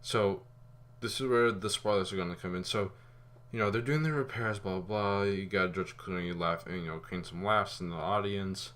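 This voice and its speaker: A man giving a casual spoken movie review, rambling and animated, with fillers and some swearing. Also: deep voice, moderate pace, few pauses.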